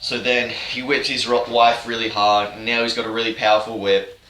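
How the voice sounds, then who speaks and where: A man's voice: medium pitch, flat delivery, moderate pace, sharp tone, far from the mic. A man retelling a video game story as a joke, talking in a rambling, irreverent, offhand way. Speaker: YouTuber. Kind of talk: comedic game-story recap. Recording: roomy, off-mic, faint hiss.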